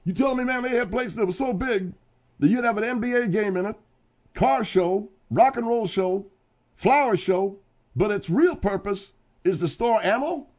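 A man's voice: high voice, moderate pace, darkish tone. A man co-hosting a radio talk show, chiming in with incredulous questions and wisecracks. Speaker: radio co-host. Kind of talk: casual radio banter.

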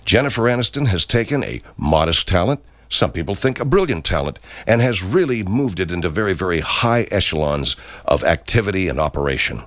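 A man in an improvised comedy sketch, speaking in a solemn, earnest and halting way. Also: low-pitched, very animated, a bit bright, dry recording.

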